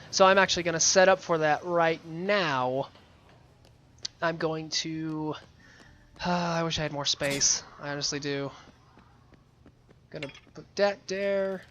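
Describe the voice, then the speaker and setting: A man's voice: fairly high pitch, a bit bright, muffled recording. A man giving casual, playful commentary while playing a video game, chatty and rambling. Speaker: let's play gamer.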